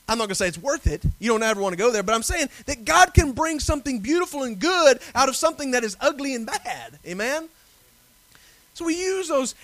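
A man preaching a sermon earnestly, building at times to forceful emphasis. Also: very high voice, no echo. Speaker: pastor.

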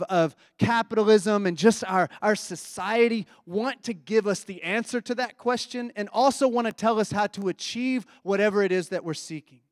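Man, preacher, high voice, dry close sound, conversational, reflective, asks questions. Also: no room sound. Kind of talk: sermon.

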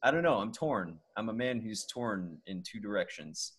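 A man's voice: on the low side, animated, normal speed, fairly bright tone, breathy edge. A man from the American South co-hosting a casual chat, rambling and hesitant with self-deprecating asides. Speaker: podcast co-host.

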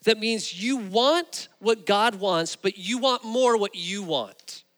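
A man's voice: high-pitched, slow. Man preaching in a reverberant hall. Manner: animated storytelling with rising emphasis. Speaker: pastor. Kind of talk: sermon.

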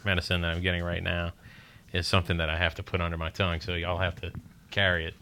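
Bright-voiced low man, laid-back podcast host. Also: monotone, a little hiss or hum. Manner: laid-back, quick affirmations. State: receiving medical treatment.

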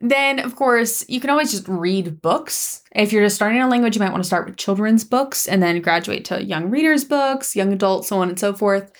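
Animated woman telling stories while laughing. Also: medium pitch, moderate pace, hardly any pauses. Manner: animated storyteller, laughs often. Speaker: podcast co-host. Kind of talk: casual chat.

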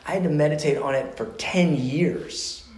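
A man's voice: a little high, moderate pace, a little mellow, roomy sound. A man teaching a sermon class as pastor, talking in a passionate, conversational way with restarts before closing in prayer.

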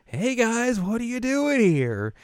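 A man's voice: very high-pitched, wildly swooping pitch, slow, clear, resonant tone, no echo, clean studio sound, voice pushed up, exaggerated voice. A man voicing a carefree, scatterbrained teenage schoolgirl in an airy, sing-song way. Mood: giddy.

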